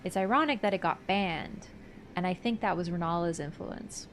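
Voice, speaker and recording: A woman's voice: fairly low pitch, normal speed, a little hiss or hum. A woman streaming a game, talking casually through its lore, thinking aloud and answering her chat. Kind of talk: casual livestream lore commentary.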